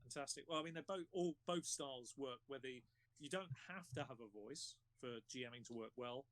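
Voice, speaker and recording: Man, panel host, casual chat, encouraging, unhurried, mid pitch, dry close sound. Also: fairly bright tone, no echo.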